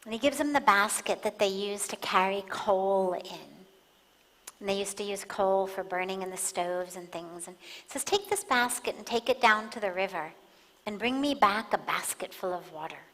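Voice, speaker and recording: A woman giving a spiritual talk, calm and measured, pausing for emphasis as she tells a story. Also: mid-range voice. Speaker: spiritual teacher. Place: large satsang hall. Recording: long hall reverb.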